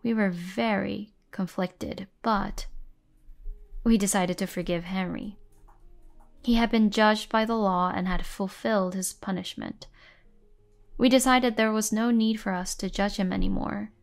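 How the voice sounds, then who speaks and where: A woman narrating a first-person drama story in an even, measured way over faint music. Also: medium pitch, gravelly.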